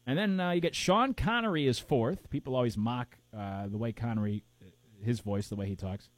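A man's voice: mid-range voice, normal speed, no room sound. A man co-hosting a casual chat show, rambling and hunting for names with plenty of fillers. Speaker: podcast co-host.

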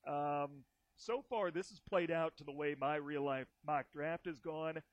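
A man's voice: fairly high pitch, dry recording, muffled recording. Upbeat man hosting a sports chat. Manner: upbeat, quick to laugh. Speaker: podcast host. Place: home. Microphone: video call.

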